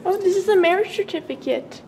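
A young woman with a high, bouncy voice narrates a handheld vlog. She chats and giggles as she explores hotel hallways, with clear background hiss on the camera recording. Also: lively intonation, fairly quick, mellow, low-quality recording. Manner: giggly, chatty, exploring while filming. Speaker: vlogger. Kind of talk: casual handheld vlog chat. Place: indoors in a hotel, hallways and vending area.

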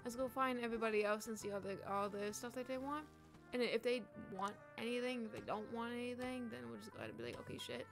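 A woman's voice: fairly high pitch, animated, fast, music in the background. A young woman streaming a cozy game, chatting casually and swearing, with sudden frustrated outbursts. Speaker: gaming streamer. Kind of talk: casual let's play commentary.

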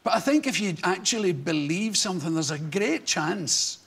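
A Scottish man in his sixties, a talk show guest telling comic stories in an animated way and acting out the voices. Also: high-pitched, moderate pace, vocal fry, husky. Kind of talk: anecdotal storytelling on a chat show.

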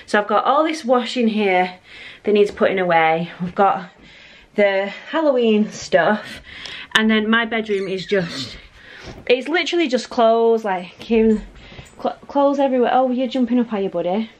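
A woman's voice: fairly high pitch, lively intonation, moderate pace. Woman, 30s, rambling home vlogger, filmed on a phone indoors. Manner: chatty, rambling, self-deprecating. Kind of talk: casual home vlog chat.

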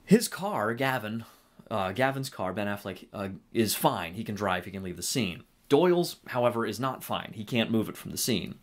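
Low-voiced man retelling a film. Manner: animated retelling with a halting, self-correcting flow. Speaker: film reviewer and faith commentator. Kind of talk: casual spoken film review.

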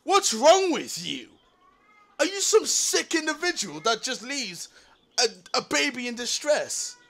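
A young man commentating live gameplay, loud and panicky, swearing and yelling as he plays. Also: extremely high pitch, big pitch swings, unhurried, vocal fry. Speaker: gaming video host.

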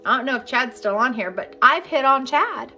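A woman energy healing coach leading a live-streamed session, talking candidly and bluntly, then turning to slow, repeated guided affirmations. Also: high-pitched, animated, bright, forceful tone, dull audio, soft background music. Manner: candid, chatty and profane, then slow incantatory guidance.

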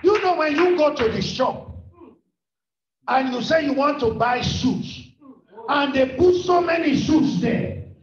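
A man preaches to his congregation in a very high, drawn-out voice, pressing each phrase slowly and rising into shouts. He is picked up from a distance in a large hall, so his voice rings with echo and sounds dull and muffled. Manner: impassioned preaching, often shouting, calls on the congregation. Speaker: pastor. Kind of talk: sermon.

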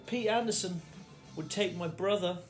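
A man's voice: sits high, moderate pace. A middle-aged man from the Fens, telling a rambling childhood story in his kitchen. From the Fens, England. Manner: rambling, self-interrupting storyteller. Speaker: vlogger. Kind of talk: casual storytelling vlog. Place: home kitchen. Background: faint radio music.

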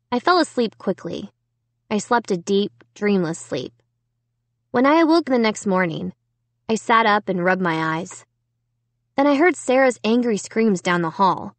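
A woman's voice: medium pitch, no echo. A woman reading a children's horror novel aloud in first person. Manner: slow, expressive first-person narration. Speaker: audiobook narrator. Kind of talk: audiobook reading.

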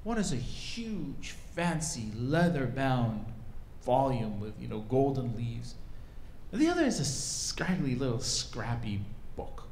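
A man tells a story at a cultural event in an animated, casual way, with fillers like um and you know. His pitch swoops widely as he tells it. He speaks to a live audience in a hall. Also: takes it slowly, slight background noise.

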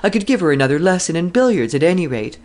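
A woman's voice: lowish voice, big pitch swings, fast, a little mellow. A woman reading the part of a cheerful, chatty young army captain in a classic novel. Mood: breezy. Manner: breezy, chatty.

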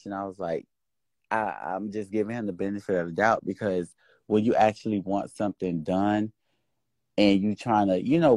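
A man's voice: lowish voice, dry recording. A man venting and swearing on a casual livestream. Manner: venting, exasperated, swears freely. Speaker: social media host. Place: indoors, livestream.

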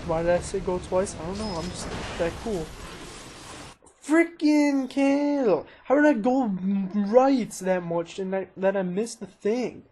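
A man casually commentating his own racing gameplay, excitable and self-mocking, talking to himself as he plays. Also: high voice, moderate pace, few pauses. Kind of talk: casual let's-play commentary. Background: engine noise and crashes from the game.

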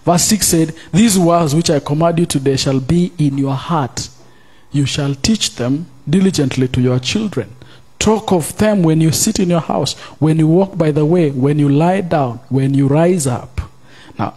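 A man preaching as pastor at a church service, reading scripture aloud, questioning the congregation and rising into loud, drawn-out emphasis. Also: on the high side, husky. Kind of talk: sermon.

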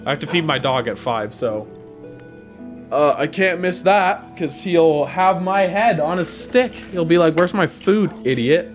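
A man's voice: on the high side, expressive, a little slow. Young guy streaming a game, goofy and playful, trash-talks mobs, music going in the back. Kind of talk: casual gameplay commentary. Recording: music playing behind.

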